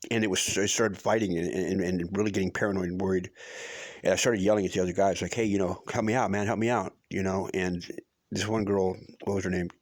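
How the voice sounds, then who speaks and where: A man's voice: low-pitched, dry recording. A middle-aged man telling a personal story in a casual, rambling way, restarting often and swearing for emphasis. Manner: rambling, with many restarts and fillers.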